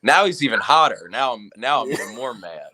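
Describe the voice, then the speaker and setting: A man guesting on a podcast, playful and excitable, laughing often as he talks. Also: medium pitch, brisk, breathy edge. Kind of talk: casual interview chat.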